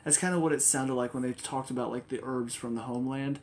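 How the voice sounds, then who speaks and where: A man's voice: mid-range voice, steady tone, fast talker, darkish tone, slight background noise. A man giving a casual video review of TV episodes, chatty and rambling, with an enthusiastic way of talking. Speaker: TV review vlogger.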